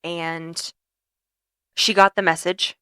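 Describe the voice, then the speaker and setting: A woman's voice: fairly low pitch, little pitch movement, slow pace, pushed and bright, clean tone, no echo. A young woman co-hosting a podcast in casual chat, playful and teasing as she tells stories. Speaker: podcast co-host.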